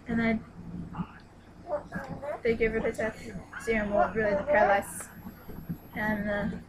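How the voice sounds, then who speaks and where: A young woman excitedly retelling a book's plot in a casual review vlog, with lots of "like" and sudden squealed exclamations. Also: a little high, a little slow, long pauses, background noise. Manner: excitable and gushing, exclaims "What? What?"; retells the plot with many "like"s and restarts. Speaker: book reviewer.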